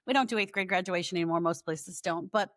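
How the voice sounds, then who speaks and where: A middle-aged woman, a guest author, telling lively stories in a casual podcast chat. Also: lowish voice, fast, no room sound, studio quality. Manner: lively storyteller, animated quoting.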